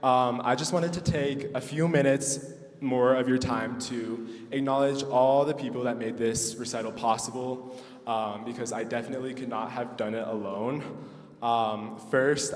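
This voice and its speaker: Young male student, recital thank-you speech, halting, emotional; reverberant hall, faint audience. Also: mid-range voice. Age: young adult. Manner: emotional, with many ums and nervous laughs. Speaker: student pianist.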